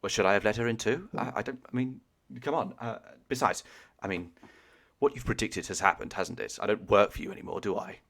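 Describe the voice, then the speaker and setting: Weary plague catcher, sardonic and fed up, a deep-voiced man doing him, heard over a video call. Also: brisk, creaky, a bit bright. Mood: exasperated. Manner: dry, fed-up retorts.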